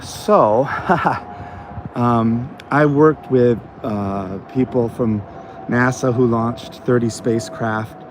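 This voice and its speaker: A man's voice: medium pitch, drawn-out words, background noise. An American man recovering from a cold, hosting a casual walking vlog and telling stories in a rambling way with many fillers. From United States. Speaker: channel host. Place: outdoor botanical garden on an evening walk.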